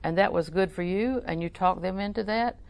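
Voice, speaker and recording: A woman's voice: medium pitch, fairly quick, clean tone, no room sound. A woman preaching a sermon, telling a story and quoting scripture, asking the listeners questions as she goes.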